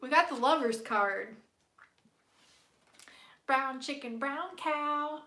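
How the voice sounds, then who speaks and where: Giggly high-voiced woman with a stuffy nose. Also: slow, bright, forceful tone, roomy sound. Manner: playful and giggly, hums silly tunes. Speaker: tarot card reader. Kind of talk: casual live-stream chat.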